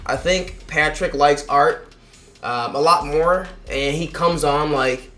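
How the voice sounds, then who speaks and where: A man's voice: a little high, takes it slowly, fairly bright tone, reverberant. A man giving a casual, rambling film review, swearing freely and acting out the characters' lines in mock voices. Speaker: movie reviewer.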